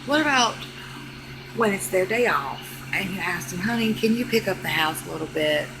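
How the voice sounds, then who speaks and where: A woman's voice: lowish voice, normal speed, noisy background. A young adult woman vlogger giving a sassy, exasperated comedic rant straight to camera. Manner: sassy, exasperated, animated delivery.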